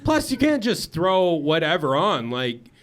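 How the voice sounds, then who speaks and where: Animated male stand-up comedian. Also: a little high, unhurried. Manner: rambling, self-deprecating, lots of filler words. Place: comedy stage before a live audience. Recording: live stage mic with audience laughter.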